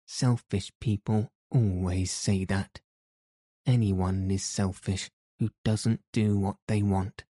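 Man doing an obstinate sharp-tongued little girl, dark low voice, dry sound. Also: steady tone, slow, no echo. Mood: defiant.

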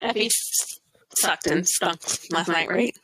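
A woman's voice: fairly low pitch, takes it slowly, pushed and bright, a little hiss or hum, rough recording. A woman co-hosting a podcast, chatting casually and animatedly, laughing often and acting out what others said. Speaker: podcast co-host. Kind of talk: casual chat recapping wrestling shows.

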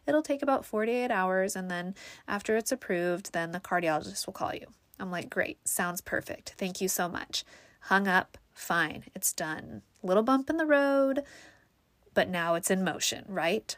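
A woman talking casually to the camera, telling a frustrating story and acting out the people in it with lively voices. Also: on the low side, unhurried, dry recording. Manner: chatty, exasperated, quotes people in lively voices. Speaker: vlogger.

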